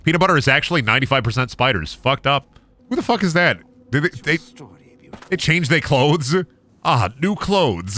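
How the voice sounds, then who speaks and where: A man's voice: fairly high pitch, big pitch swings, moderate pace, sharp tone. A young man live-streaming a game, rambling goofily and joking as he plays. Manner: goofy, rambling, sings and jokes. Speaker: gaming streamer. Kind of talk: casual live-stream commentary.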